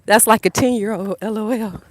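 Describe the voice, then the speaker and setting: A woman in her fifties with a Southern US accent hosts a casual motivational livestream outdoors, her medium-pitched voice brisk as she talks straight to viewers and repeats herself. She stands on a narrow sidewalk by a road with her phone propped up as the microphone, and faint traffic passes in the background.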